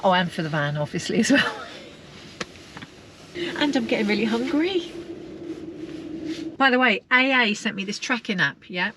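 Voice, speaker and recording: A woman's voice: mid-range voice, expressive, moderate pace, long pauses. Woman vlogger, impatient and exasperated, mid voice, light hiss. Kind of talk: casual travel vlog chat.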